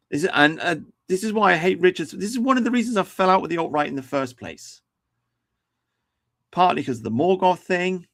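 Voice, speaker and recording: Gravelly man rambling on stream. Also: fairly high pitch. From England. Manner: rambling, profane, frequent restarts. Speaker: livestream host. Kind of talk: casual livestream commentary.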